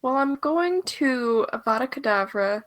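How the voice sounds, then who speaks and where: A woman's voice: sits high, expressive, unhurried, fairly bright tone. Wry joking woman podcast co-host. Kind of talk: casual chat.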